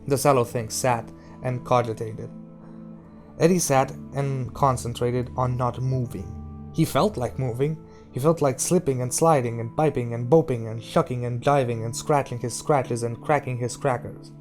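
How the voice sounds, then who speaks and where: A man reading a novel aloud in a steady, measured narrating voice. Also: medium pitch, soft background music. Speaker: audiobook reader.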